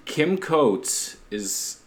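A man's voice: on the high side, very animated, drawn-out words. A Canadian man co-hosting a casual chat, rambling, swearing and laughing as he recommends a show. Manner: rambling, swearing, laughs often, tries silly accents. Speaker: podcast co-host.

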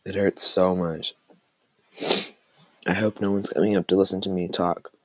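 A man's voice: deep voice, level tone, moderate pace, darkish tone, dry recording. A young man hosting a casual solo podcast, rambling and self-deprecating, his throat phlegmy from coughing. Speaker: podcast host.

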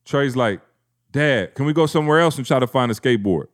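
A man's voice: mid-range voice, animated, brisk. A man in his thirties, a podcast co-host, telling a family story in casual slang and acting out the quotes.

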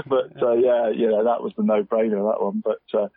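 A man's voice: lowish voice, steady tone, fairly quick, hardly any pauses, no echo. A man co-hosting casual local football chat, rambling and friendly, saying "mate" every few words and laughing often. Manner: chatty, says "mate" constantly, laughs often. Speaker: co-host picking team of the week. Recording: dry tinny phone-line sound.

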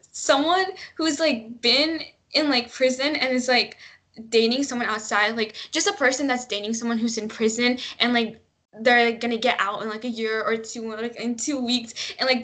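A woman's voice: on the high side, fairly bright tone. A young woman co-hosting a podcast, rambling in casual chat with many fillers and frequent laughs. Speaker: podcast co-host.

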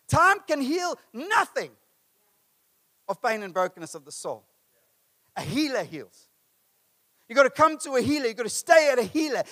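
High-voiced impassioned male preacher. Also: sing-song, moderate pace, long pauses, a bit bright. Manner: passionate, rising to emphatic peaks then dropping low. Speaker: pastor. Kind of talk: sermon.

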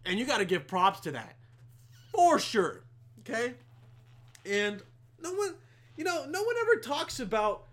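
A man's voice: high-pitched, a bit bright. A young man delivering a rambling, profane comedic rant to camera with heavy swearing. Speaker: vlogger.

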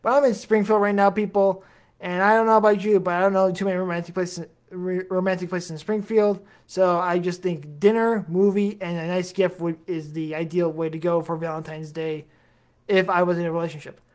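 A man runs a solo podcast episode, speaking straight to listeners in a chatty, rambling, joking manner full of self-deprecating remarks. His voice sits high with little pitch movement, fairly quick and darkish in tone.

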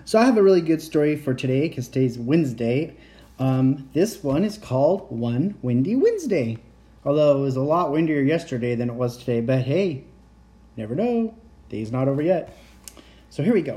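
A man's voice: medium pitch, sing-song, normal speed, dark tone. A man hosting a bedtime story, reading a picture book aloud with playful animal noises and chatty asides.

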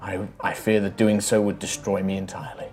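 A man voicing a gentle spirit that possesses a character, speaking faintly and solemnly. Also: low voice, level tone, fairly quick, voice pushed down, close to an everyday voice. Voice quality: faint, subdued.

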